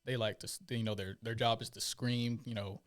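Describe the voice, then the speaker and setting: A man's voice: medium pitch, flat delivery, fairly quick. A man telling stories in casual podcast chat, acting out the voices of the people he quotes. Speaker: podcast guest, former Marine.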